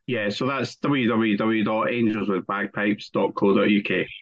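A man, a restaurant owner, answering in a relaxed, matter-of-fact way. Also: lowish voice, moderate pace. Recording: dull, lo-fi line.

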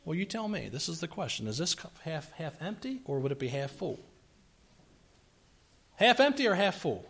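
A man preaching a sermon, acting out grumbling voices and asking rhetorical questions, swinging from quiet asides to loud outbursts. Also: fairly high pitch, sing-song, brisk, creaky, husky.

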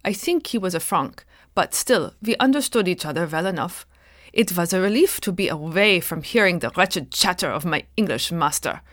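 A man's voice: sits high, lively intonation, moderate pace, a bit bright, no echo, studio quality. A woman voicing a frightened, illiterate young German prisoner who pleads and protests in a raised voice. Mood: explaining.

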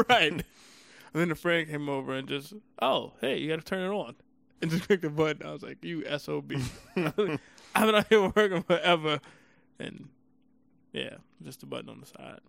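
A man's voice: a little high, expressive, normal speed, creaky, a bit bright, no echo. A man co-hosting a podcast, telling stories in casual chat and laughing often. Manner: laughs often, playful storytelling. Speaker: podcast co-host.

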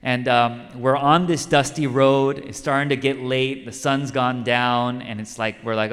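A man's voice: medium pitch, steady tone, a little slow, hardly any pauses, fairly bright tone. A male pastor preaching a sermon in a conversational way, telling a story and repeating key lines for emphasis. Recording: long reverb of a large hall.

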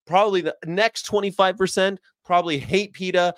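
An American man doing casual live-stream commentary, animated and jokey, putting on voices and laughing often. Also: high voice, fairly quick, no echo, clean studio sound. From United States. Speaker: streamer reacting to a video.

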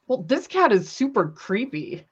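Animated chatty woman, lively pitch. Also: measured pace, slightly rough, dull audio. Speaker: co-host. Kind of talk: casual chat while painting.

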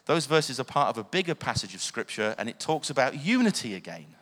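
A man's voice: medium pitch, sing-song, a little fast, fairly bright tone. A man preaching a sermon, earnest, often asking the listeners questions. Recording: long hall reverb.

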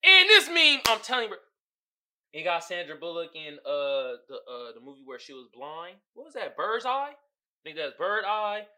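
A man hosting his own podcast in casual solo chat, slangy and animated, laughing often. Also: sits high, moderate pace. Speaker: podcast host.

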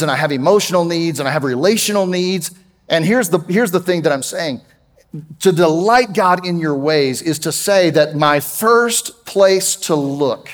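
A middle-aged man preaching a sermon as pastor, emphatic and rising loud when he quotes scripture. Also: fairly high pitch, in a large hall. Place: church sanctuary.

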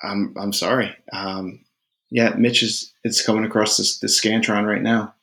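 Laughing, joking man with a low voice. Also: little pitch movement, measured pace, vocal fry, a bit bright. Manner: joking, laughs often, swears casually. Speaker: podcast co-host. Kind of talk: casual chat.

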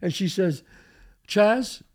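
An older man, hosting a podcast and telling a profane, animated story in which he acts out the quotes. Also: high voice, takes it slowly. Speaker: host.

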